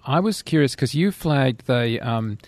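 Male co-host, mid-pitched, inquisitive interviewer in casual chat. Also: lively intonation, a little slow, no echo. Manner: inquisitive, drives the talk with questions. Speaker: podcast co-host.

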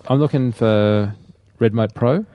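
A man's voice: medium pitch, a little slow, no echo, dull audio. A man co-hosting a casual tech podcast, joking and loose, often trailing off. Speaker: podcast co-host.

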